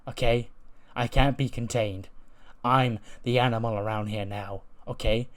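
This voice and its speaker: Cocky young male wrestler taunting his boss, a man voicing him in an everyday mid-pitched voice, game recap read-out. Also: fairly quick, darkish tone, lightly acted.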